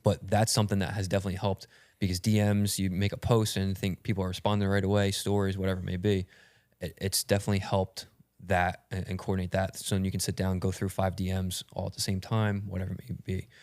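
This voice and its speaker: Deep, flat-voiced male podcast host. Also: quick pace, dry recording, studio quality. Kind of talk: casual podcast conversation.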